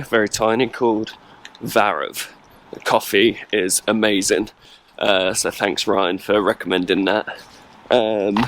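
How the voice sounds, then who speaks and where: Casting: low-voiced man, rambling casual travel vlogger, handheld camera outdoors, faint street noise. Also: a bit bright. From England. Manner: rambling, chatty, lots of fillers. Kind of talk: casual vlog chat. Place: outdoors in a cold old town.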